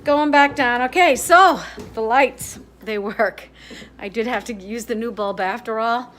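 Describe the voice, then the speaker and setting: In her fairly high, somewhat bright voice, an older woman talks at a measured pace about fixing things, walking around her house, yard and garage and rambling frankly into a selfie-mode phone held at arm's length. Slight background noise is present.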